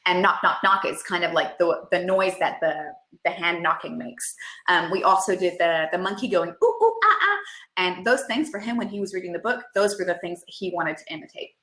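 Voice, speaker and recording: Woman therapist presenting in an echoey room. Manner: demonstrates playful sound effects in a high excited voice. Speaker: speech and language therapist. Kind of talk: webinar presentation.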